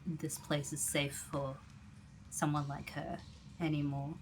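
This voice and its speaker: Weary clawed stranger, guarded and wry, slow and low, a woman plays him. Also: level tone, slight background noise. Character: weary mysterious cloaked clawed male stranger.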